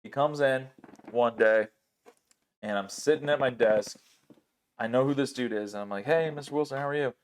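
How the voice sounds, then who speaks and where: Speaking at a moderate pace with frequent pauses, this man's mid-range voice carries a casual podcast chat he hosts. He tells lively stories, swears freely, and performs the voices of the people he quotes.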